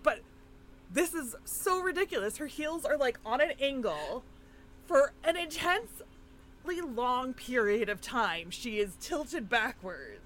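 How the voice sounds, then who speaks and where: A woman's voice: high-pitched, very animated, unhurried, fairly bright tone, slight background noise. A woman co-hosting a podcast, chatting casually and retelling a film with lots of fillers and laughs. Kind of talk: casual chat recapping a film.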